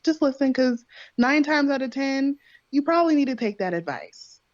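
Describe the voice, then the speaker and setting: A woman's voice: sits high, expressive, normal speed, dry recording. Female podcast guest, earnest and reflective, dry, slightly dull sound. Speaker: podcast guest, host's partner. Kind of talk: casual chat.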